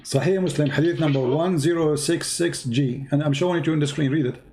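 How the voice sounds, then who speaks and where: A man leads a heated call-in debate, pressing his caller again and again. His voice sits a little high but sounds dark and mellow. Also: fast talker, a little hiss or hum. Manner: insistent, challenging, repeats phrases.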